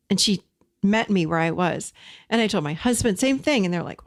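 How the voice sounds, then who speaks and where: Animated woman sharing a personal story. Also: mid-range voice, a little fast. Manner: animated, addresses listeners as "you guys". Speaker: podcast host. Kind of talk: personal storytelling with self-help teaching.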